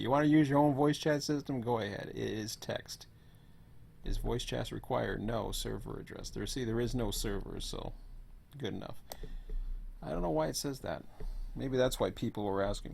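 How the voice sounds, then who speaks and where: A hoarse man who is losing his voice gives a rambling, offhand walkthrough as host of an online server. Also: medium pitch, normal speed, a little mellow, slight background noise. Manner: rambling, offhand, says "blah, blah, blah". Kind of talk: casual screen walkthrough.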